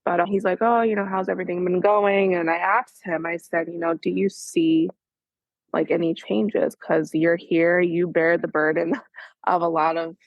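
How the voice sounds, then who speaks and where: A woman's voice: on the low side, level tone, measured pace, creaky, no room sound, dull audio. A mother in a coaching session, recounting her week in a rambling, filler-heavy way. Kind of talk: casual chat.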